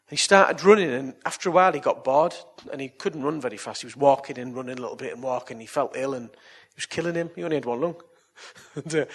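A preacher with a husky, slightly raised voice. He spins a yarn like a chat among mates, then turns it into earnest, coaxing appeals. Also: fairly high pitch, a bit bright. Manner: chatty, anecdotal storytelling. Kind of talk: evangelistic sermon and altar call.

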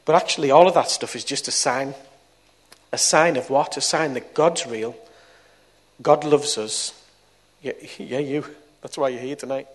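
A middle-aged man, preaching and telling a testimony story, moving between soft and loud moments. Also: mid-range voice, normal speed, pauses often. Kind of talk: testimony sermon.

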